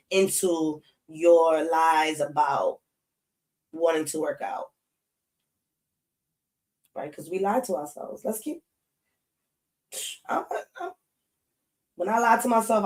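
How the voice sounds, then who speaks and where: A woman's voice: lowish voice, poor audio. A woman hosting an astrology live stream, chatting casually and animatedly with slang, speaking straight to her viewers' comments.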